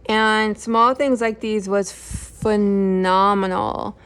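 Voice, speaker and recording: A woman's voice: medium pitch, steady tone, slow pace, a bit bright, clear, resonant tone. A middle-aged woman casually talking through books she has read, rambling with lots of fillers and self-corrections. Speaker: book channel host. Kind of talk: casual book review chat.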